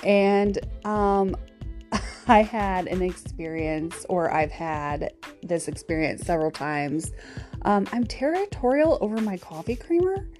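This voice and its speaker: A woman's voice: mid-range voice, animated, takes it slowly, darkish tone, faint music behind. A woman hosting a podcast alone, chatting casually with many fillers and little laughs. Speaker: podcast host. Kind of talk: casual solo podcast monologue.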